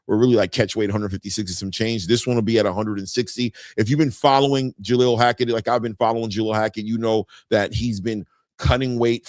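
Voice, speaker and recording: A man hosting a boxing live stream in casual chat, reading viewer comments aloud and often ending his lines with "man". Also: dry recording. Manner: animated, jumps in pitch when greeting viewers. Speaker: boxing show host.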